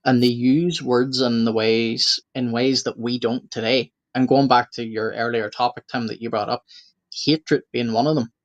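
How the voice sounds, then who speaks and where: A man's voice: medium pitch, steady tone, normal speed. A man with an Irish accent, co-hosting a casual podcast chat and explaining things earnestly. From Ireland and the UK. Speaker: co-host.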